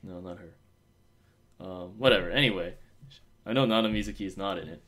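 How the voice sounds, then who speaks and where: A man's voice: deep voice, brisk, fairly bright tone. A man co-hosting a casual fan podcast, rambling with many fillers and restarts. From Osaka. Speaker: podcast co-host.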